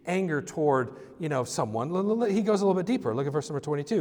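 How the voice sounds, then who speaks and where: A male pastor delivers a conversational sermon, his voice sitting a little higher than most men's. He talks informally, restarting phrases and doubling words as he goes. The recording carries the long reverb of a church sanctuary. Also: expressive, fast talker, hardly any pauses, darkish tone.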